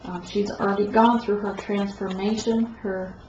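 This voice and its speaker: A woman giving a rambling tarot card reading, with a stuffed-up nose and a halting, self-correcting way of talking. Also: mid-range voice, little pitch movement, darkish tone. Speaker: tarot reader. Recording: echoey room, dull lo-fi sound, faint noise.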